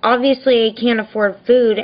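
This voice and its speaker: A woman's voice: on the high side, fairly even intonation, normal speed, lo-fi sound. A woman vlogger venting in a rambling, frustrated daily video diary, telling a story by quoting what she and others said.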